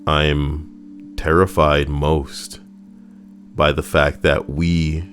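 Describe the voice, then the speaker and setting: A man hosting a casual reaction stream, talking in a slangy, animated way and swearing freely. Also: a bass voice, extremely slow, faint music behind. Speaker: streamer host.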